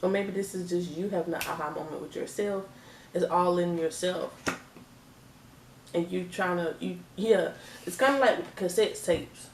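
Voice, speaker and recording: A woman's voice: lowish voice, normal speed, noisy background. A woman giving a casual tarot reading, chatty and emphatic, repeating her phrases and laughing often. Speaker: tarot reader. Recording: echoey room, distant mic.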